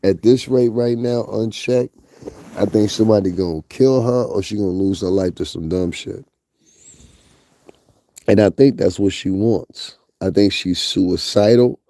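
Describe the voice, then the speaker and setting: A man's voice: on the low side, a little slow, warm tone, no room sound. A man with a Northeastern US accent doing blunt, profane casual gossip commentary, talking straight to his viewers. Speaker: commentary vlogger.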